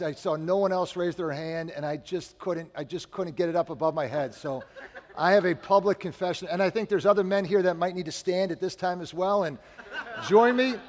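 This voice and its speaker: A guest preacher from Chicago, a man telling chatty, self-deprecating stories at the start of a sermon in a church. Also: high-pitched. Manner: chatty, self-deprecating storytelling, lively swings in loudness. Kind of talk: sermon opening with personal stories. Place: church sanctuary. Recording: long hall reverb.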